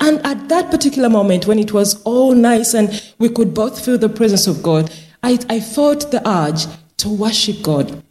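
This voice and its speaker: A woman care worker giving a church testimony, telling her story lively and acting out the dialogue. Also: fairly high pitch, normal speed.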